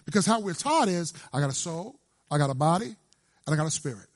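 A male preacher giving an emphatic, animated sermon and quizzing his congregation. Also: on the high side, fast, no room sound, clean studio sound.

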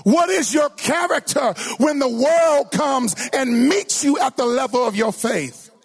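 A man preaching a sermon as pastor, with call-and-response, sometimes shouting, sometimes singing his lines. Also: very high voice, a little slow, slightly rough.

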